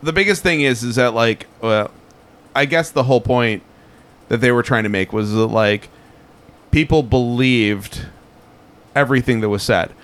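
A man in relaxed conversation who wanders through his story. He fills his speech with "like" and "um" and keeps restarting sentences. His pitch sits in an ordinary middle range. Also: moderate pace, clear, resonant tone. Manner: rambling, heavy on fillers like "like" and "um". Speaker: podcast co-host. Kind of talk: casual chat.

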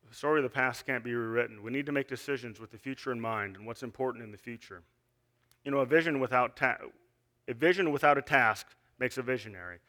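A man's voice: mid-range voice, quick pace, bright, forceful tone. A man giving an earnest sermon, reading scripture and asking the listeners questions, with frequent restarts. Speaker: lay preacher.

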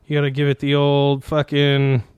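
A man's voice: mid-range voice, monotone, moderate pace, heavy background noise. A man casually telling a long rambling story on a podcast, cursing freely and laughing as he goes. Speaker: podcast host.

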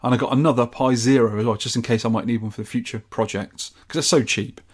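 A man's voice: medium pitch, steady tone, quick pace. Chatty enthusiastic man from the UK. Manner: chatty and enthusiastic, rambling with restarts. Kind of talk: casual chat.

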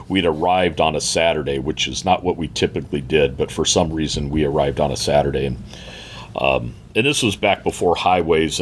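A middle-aged man sitting at a table, reflectively telling a family story in a halting, heartfelt way with many fillers and restarts. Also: sits low, slight background noise. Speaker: guest. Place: seated at a table indoors.

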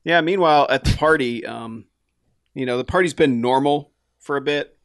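A man co-hosting a casual podcast, calmly recapping a movie scene. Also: mid-range voice, moderate pace, no echo, clean studio sound. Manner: laid-back, lots of quiet backchannel agreement. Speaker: podcast co-host.

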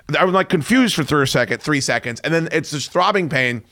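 A man's voice: a little high, lively intonation, a little fast, bright, forceful tone, no echo. Forties radio host guy ranting and cussing at himself, dry studio sound. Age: 40s. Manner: profane, self-mocking rant. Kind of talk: casual on-air storytelling.

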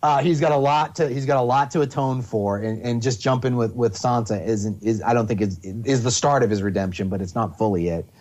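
A man in casual podcast chat, talking at length in a rambling, animated way with many restarts. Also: mid-range voice, brisk, hardly any pauses.

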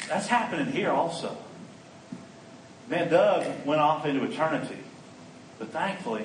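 A man preaching at a conference, telling a story with lively energy and slipping into the voices of the people in it. His voice sits a little high for a man. It sounds roomy and a bit distant, with a faint hum behind it. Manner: animated storyteller who acts out quoted lines. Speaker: conference speaker and trainer. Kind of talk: storytelling sermon. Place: conference hall. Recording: echoey hall, mic at a distance, faint background noise.

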